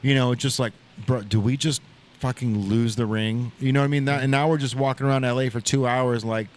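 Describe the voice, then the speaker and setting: A man hosting a casual podcast from an open shop, mid-pitched and relaxed. He rambles through a story, leaning on "like" and "bro" as he goes. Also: fairly quick. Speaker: podcast host. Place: open shop at a riverside shopping center.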